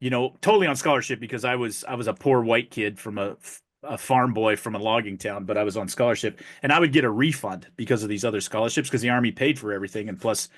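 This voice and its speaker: A man in his fifties co-hosts a podcast, rambling through stories and jokes in casual chat with many restarts. He has a medium-pitched voice and a quick pace.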